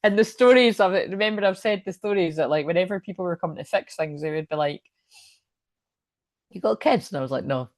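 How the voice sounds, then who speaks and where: Woman, young, lower-pitched, rambling and chatty, laughs a lot, dry close sound. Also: quick pace, hardly any pauses, no echo. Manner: chatty and rambling, laughs often, swears casually. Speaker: spiritual reader and coach. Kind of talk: casual livestream oracle card reading.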